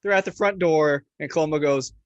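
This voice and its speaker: Man, podcast co-host, playful, laughs easily, slightly high voice, dry close sound. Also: a little fast, no echo, dull audio. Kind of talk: casual chat.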